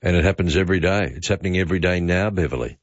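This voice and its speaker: Low-voiced talkback host. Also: male voice, racing, no echo, highs cut off. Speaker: radio host. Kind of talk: talkback radio chat.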